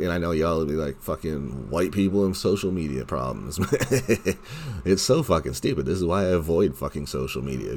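Very deep-voiced man ranting, profane. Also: darkish tone, a little hiss or hum. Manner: heated, sarcastic, heavy swearing, mocks others in quoted voices. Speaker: podcast host.

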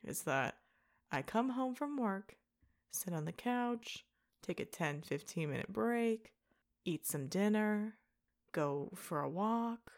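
Young female co-host, rapid, chatty, quick to laugh. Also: mid-range voice, expressive. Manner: fast-talking, laughing often. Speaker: podcast co-host. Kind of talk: casual chat.

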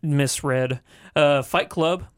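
A man's voice: fairly high pitch, takes it slowly, clean tone, dry recording, clean studio sound. A young adult man co-hosting a casual movie podcast, easygoing and playful. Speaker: podcast co-host.

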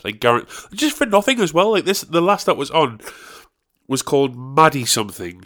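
A man's voice: mid-range voice, a bit bright. A man, ranting profanely and rambling as a podcast host. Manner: rambling, profane ranting with sudden outraged peaks. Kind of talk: casual chat.

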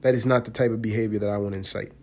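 A man's voice: fairly low pitch, fairly even intonation, very fast. Profane young New man rambling. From New York, USA. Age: young adult. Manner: profane, rambling, swings between loud and mumbled. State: getting over the flu. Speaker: podcast host. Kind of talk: casual monologue.

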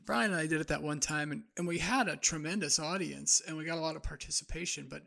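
A man's voice: on the high side, fast talker, gravelly, sharp tone. A man co-hosting a podcast in casual, rambling chat, laughing easily. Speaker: podcast co-host.

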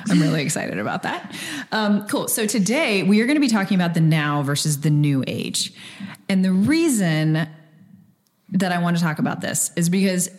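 Deep-voiced woman podcast host. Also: animated, normal speed, a little mellow. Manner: chatty, many fillers like "like" and "um". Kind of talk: casual chat.

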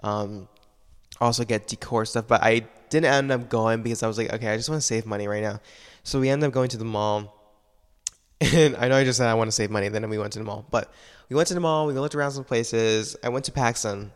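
A man's voice: medium pitch, brisk, clean tone, big-room sound. A young man talking casually and at length about his life. He is tired, rambles, leans heavily on "like" and swears often. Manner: rambling, heavy use of "like", frequent swearing. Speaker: solo podcaster. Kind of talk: casual personal monologue.

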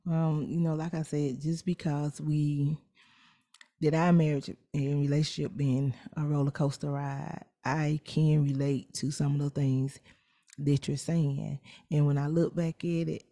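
A woman co-hosting a podcast, reflecting in a measured, casual way. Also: sits low, little pitch movement, warm tone. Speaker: podcast co-host.

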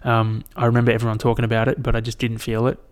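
A man's voice: medium pitch, completely flat delivery, racing. A young Australian man chatting alone into a mic, rambling and swearing freely as he retells his week. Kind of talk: casual solo chat.

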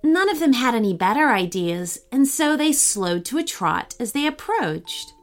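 A woman gently and expressively reading a children's bedtime story. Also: a little high, sing-song, normal speed, soft background music.

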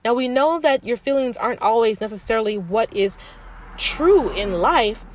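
A podcast host with a fairly high, animated voice speaks at a moderate pace. Frank and confiding, she talks self-help to the listener as if to a sister, calling them sis and restarting as she thinks aloud.

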